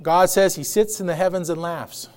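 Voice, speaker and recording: A man's voice: high-pitched, normal speed, a little mellow, clean tone. A male pastor preaching a conversational sermon, laughing often and acting out quotes.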